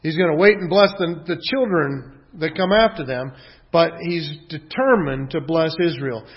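A man preaching in a church, earnest and emphatic, with a fairly high voice. His sermon comes through on dull, lo-fi church audio. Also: moderate pace. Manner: earnest, emphatic preaching, reading scripture aloud. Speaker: pastor.

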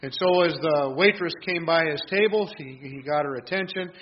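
A man's voice: a little high, moderate pace, muffled recording, slight background noise. A man preaching a conversational sermon, earnest and plain-spoken, teaching with frequent restarts. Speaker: pastor.

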